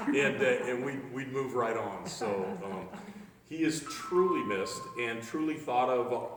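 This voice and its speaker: A man giving halting memorial remarks about a friend, with many fillers. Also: medium pitch, crowd noise. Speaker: eulogy speaker. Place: outdoor memorial service. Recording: echoey hall from far off, faint noise.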